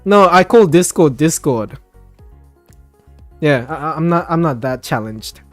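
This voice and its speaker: A man's voice: a little high, animated, measured pace, no room sound, soft background music. A man hosting a casual voice chat, ranting with plenty of swearing and laughter.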